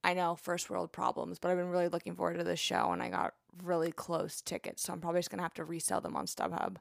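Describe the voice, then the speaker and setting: A woman's voice: lowish voice, fast, vocal fry, no echo, studio quality. A young woman hosting a podcast, a nurse chatting casually with a rambling, playful manner and lots of asides. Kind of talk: casual chat.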